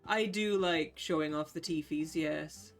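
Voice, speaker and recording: A casual streamer talking through a game session at a middle pitch, chatty and loose with swear words. Soft game music plays faintly behind the voice. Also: measured pace. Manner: chatty, sweary, reads game text aloud. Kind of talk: casual live gameplay chat.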